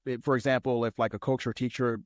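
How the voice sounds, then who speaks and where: A man's voice: medium pitch, flat delivery, fast talker, no room sound, studio quality. A man co-hosting a casual podcast recap, talking animatedly and slipping into goofy impressions. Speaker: podcast co-host.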